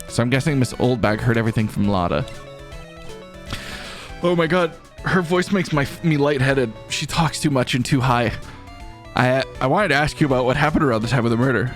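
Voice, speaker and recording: A man's voice: medium pitch, brisk, soft background music. A man reading and voicing a game aloud with wry asides. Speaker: let's play voice actor. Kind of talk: voiced game playthrough with banter.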